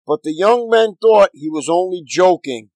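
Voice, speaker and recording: Man reading scripture, slightly high voice. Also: moderate pace, no room sound, poor audio. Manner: steady, earnest reading aloud. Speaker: pastor.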